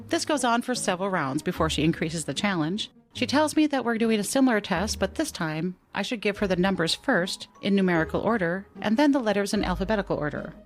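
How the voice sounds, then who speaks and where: A woman podcast host telling a personal story in a measured way, slowly reading out strings of numbers. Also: on the low side.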